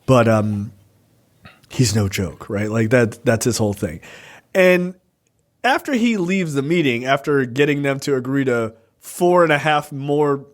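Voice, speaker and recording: A man talking casually as a podcast co-host who reviews films. He retells scenes with animation, slipping into little impressions and peppering his talk with fillers. His voice sits at an average pitch. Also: unhurried. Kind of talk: casual chat.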